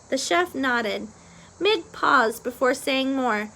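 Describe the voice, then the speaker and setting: Woman reading a children's novel, expressive. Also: a little high, slow, vocal fry. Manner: expressive storytelling. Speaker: reader.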